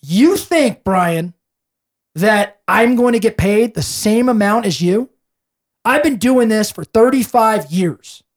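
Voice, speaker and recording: An arrogant veteran male realtor scolds in a raised, lively voice, as a man acts him out. He sounds insulted and talks down to the listener. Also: sits high, slow pace. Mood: offended. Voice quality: indignant, lecturing. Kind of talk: acted quote in a story.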